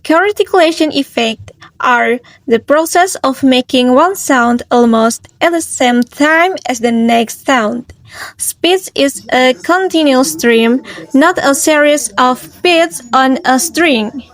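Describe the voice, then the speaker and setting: A woman student reading a class presentation on phonology, slowly and carefully, stretching out her example words. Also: high voice, no room sound.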